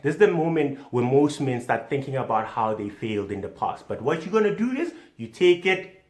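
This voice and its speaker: A man delivering a mock instructional comedy monologue as a self-styled doctor, theatrical and swinging between loud emphasis and hushed whispers. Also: medium pitch, very animated, fairly quick. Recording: echoey room.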